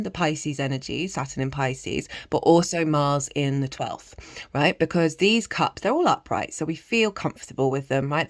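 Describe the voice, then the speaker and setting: A British woman giving a casual, animated tarot reading, chatty and swearing freely. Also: fairly low pitch. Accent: British English. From Britain. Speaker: tarot reader.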